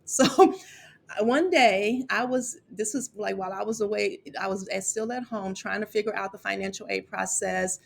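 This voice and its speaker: A woman's voice: mid-range voice, vocal fry, a little hiss or hum. A middle-aged woman from Chicago candidly recounting her college years, getting emotional and repeating words as she talks. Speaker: college financial aid vlogger. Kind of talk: personal storytelling to camera.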